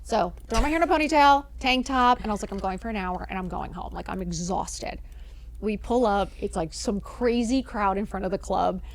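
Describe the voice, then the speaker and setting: Animated woman telling a story. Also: medium pitch, brisk, slight background noise. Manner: animated, acts out quoted dialogue, swears freely. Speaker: podcast guest. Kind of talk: casual storytelling chat.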